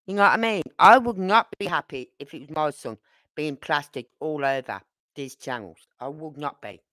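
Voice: medium pitch, fairly bright tone, dry recording. Emphatic YouTuber in a dry room. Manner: emphatic, rhetorical questions, repeats points; apologetic about talking fast. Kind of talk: live-stream commentary.

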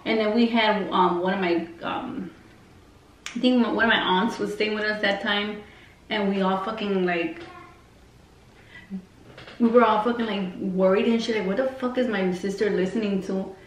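A woman with a steady, mid-range voice tells a casual story, unhurried and with long pauses. As a beauty vlogger, she rambles and swears heavily, stuffing her talk with fillers. Her audio sounds roomy, distant-miked, and faintly noisy.

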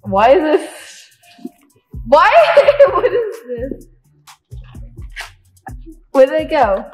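Excitable giggly woman vlogging, slow and high, faint music behind. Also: rough recording. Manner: excitable, giggly, thinking aloud. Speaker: family vlogger. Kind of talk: casual vlog chat.

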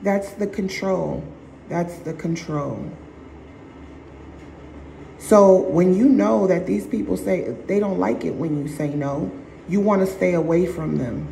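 A woman's voice: fairly low pitch, gravelly, warm tone, roomy sound, a little hiss or hum, low-quality recording. A woman vlogger giving emphatic relationship advice in a blunt, repetitive way, swearing casually.

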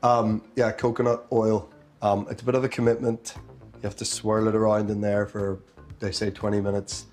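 A man with an Irish accent, a guest answering quick-fire questions in a relaxed way and laughing easily. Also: on the low side, soft background music.

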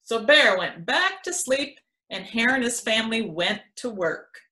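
A woman educator reading a children's picture book aloud in an expressive storytelling manner. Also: fairly high pitch, a little slow.

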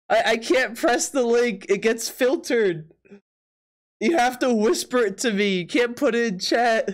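A casual live streamer talks straight to the chat through a desk mic in a middle-pitched voice. The talk comes in quick, stumbling bursts with repeated words and frequent laughter. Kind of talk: casual live-stream chat while playing a drawing game.

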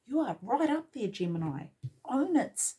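A woman's voice: on the high side, sing-song, unhurried, warm tone. A woman giving a tarot reading, speaking encouragingly and directly to her viewers with lots of repetition. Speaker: tarot reader.

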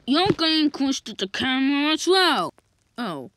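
A woman's voice: sits high, big pitch swings, a little slow, fairly bright tone. A woman voicing toy characters in a homemade cartoon, jokey and exclaiming. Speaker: fan video maker voicing toy characters.

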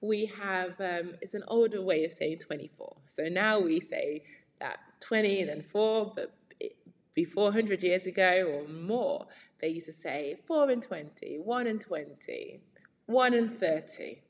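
A woman's voice: mid-range voice, a little slow. A woman reading a storybook aloud for children, explaining words and asking them questions. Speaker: read-aloud teacher. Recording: long reverb.

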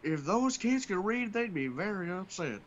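A man in casual chat, reacting to memes with excitable outbursts and mumbled asides. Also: high-pitched, normal speed, highs cut off, slight background noise. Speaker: co-host.

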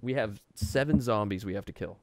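A man's voice: on the low side, dry recording. A man hosting a board game stream, chatting casually and joking playfully between turns. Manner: joking, playful, quick to laugh. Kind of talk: casual chat while playing a board game.

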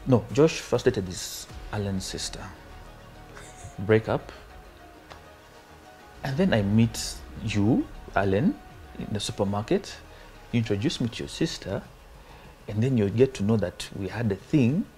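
Ugandan actor guy on a tv chat, lively pitch, plays out his stories. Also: a little slow, long pauses, faint music behind. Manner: animated storyteller, acts out quoted voices. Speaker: actor guest. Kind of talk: casual interview chat.

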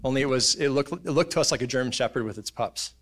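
A man, preaching a sermon in a church, telling stories in an animated way and acting out voices and sounds. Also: medium pitch, fast talker. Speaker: pastor. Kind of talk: casual sermon storytelling. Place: church auditorium.

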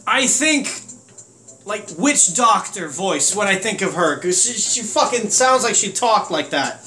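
A man hosting a let's play, talking loudly and excitably and swearing a lot as he plays. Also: sits high, measured pace. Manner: loud, excitable, heavy swearing. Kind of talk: gaming commentary. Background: game music.

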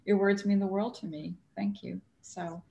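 A woman who cartoons and writes, speaking gushingly and tearfully with many pauses in a book talk. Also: mid-range voice, level tone, creaky, mellow, a little hiss or hum. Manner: gushing, tearful, hesitant with fillers. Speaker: cartoonist and author.

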